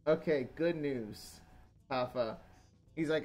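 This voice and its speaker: A man running a tabletop game as dungeon master, narrating loosely and casually. He often pauses on ums and uhs as he works out the scene. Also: mid-range voice, soft background music.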